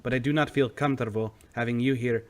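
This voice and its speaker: Man voicing an aging black-market dealer, smooth-talking, stammering, fawning. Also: medium pitch, steady tone, fast, close to an everyday voice. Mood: smooth, wheedling. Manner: stammering, ingratiating.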